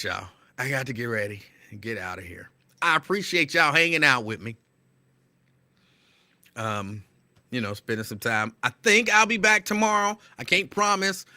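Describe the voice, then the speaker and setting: A man hosting his show, chatting casually and retelling a story with animated, comic energy. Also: medium pitch, dry recording. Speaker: show host.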